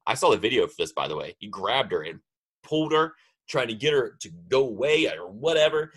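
Husky, bright-voiced rambling man. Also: medium pitch, sing-song, a little fast. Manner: rambling, trails off mid-sentence. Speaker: podcast co-host. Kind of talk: casual chat.

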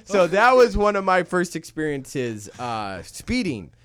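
A man in his thirties telling stories in a casual podcast chat, animated and acting out voices. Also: sits high, a little slow. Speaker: guest, real estate entrepreneur.

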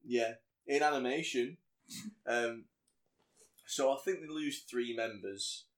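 A man's voice: mid-range voice, slow pace. Male podcast co-host, chatty film recap, jumps into character voices. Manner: animated storyteller, acts out quotes in voices. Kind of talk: casual chat recapping a film.

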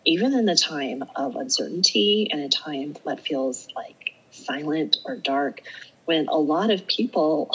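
A woman's voice: sits low, big pitch swings, unhurried, vocal fry, breathy edge, highs cut off. A middle-aged woman, a podcast guest, telling a story in casual conversation. She acts out her own self-talk and laughs often as she speaks. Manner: laughs often while talking.

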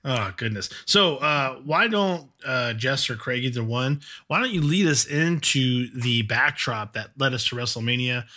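A man co-hosting a podcast, chatting casually with friendly banter and quick laughs. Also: mid-range voice, sharp tone. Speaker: podcast co-host. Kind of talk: casual chat.

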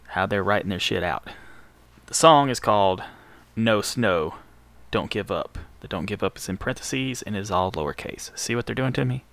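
Southern radio host, low-pitched but bright, dry close mic, joking and profane. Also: male voice, vocal fry, dry recording. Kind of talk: casual back-announcing between songs.

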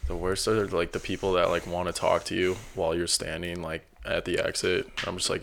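A young man with a gravelly voice in casual chat, telling crude, exasperated stories about working the door at a bar. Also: low voice, level tone, a little fast, fairly bright tone, slight background noise.

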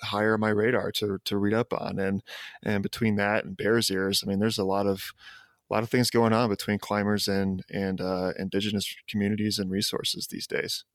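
A man's voice: fairly low pitch, little pitch movement, normal speed, no echo, clean studio sound. A man hosting a podcast interview, talking casually and hesitantly, with lots of fillers. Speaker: podcast host.

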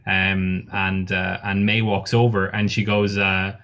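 A man's voice: low-pitched, level tone, unhurried, a bit bright. Casual, swearing male game master. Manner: casual, swearing, many fillers. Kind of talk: narrating a tabletop game.

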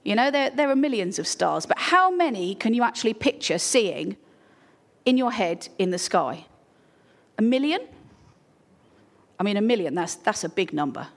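A woman's voice: mid-range voice, sing-song, normal speed. A woman giving an informal, earnest talk to a church congregation, full of ums and restarts. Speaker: charity speaker at a church.

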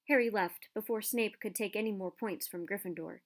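Woman narrator, storybook audiobook, measured and expressive, mid-pitched.

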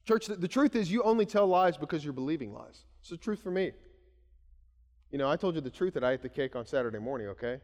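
A man's voice: a little high, expressive, fast talker, a little mellow, long reverb tail. A male pastor in his thirties, preaching a conversational sermon full of anecdotes and restarts. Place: church sanctuary.

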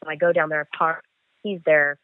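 A man's voice: a little high, moderate pace, no echo. A man working as a bail enforcement agent, telling a chase story in an interview and acting out the dialogue as he goes. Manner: animated, acts out dialogue with "I'm like". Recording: tinny phone line, dry.

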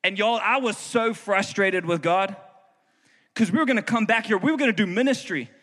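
Bright-voiced, animated man preaching. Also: sits high, moderate pace. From South Africa. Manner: animated storytelling, acting out voices, bursts into shouts. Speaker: pastor. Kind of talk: sermon. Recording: hall reverb with music behind.

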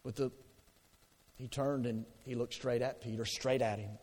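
A man's voice: mid-range voice, fairly even intonation, normal speed, darkish tone, in a large hall. A man preaching a sermon in a conversational way, asking the congregation questions and answering them. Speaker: pastor.

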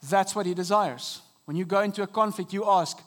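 A man preaching a sermon from a church stage into a microphone, earnest and dynamic, with sudden soft drops and emphatic rises. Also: sits high, fairly even intonation, a little fast. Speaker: pastor. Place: church auditorium.

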